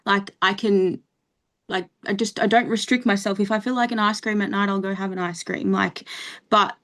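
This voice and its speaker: Relaxed young woman guest. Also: medium pitch, moderate pace. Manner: relaxed, plain-spoken, laughs often, says 'like' a lot. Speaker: coaching client guest. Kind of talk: casual interview chat.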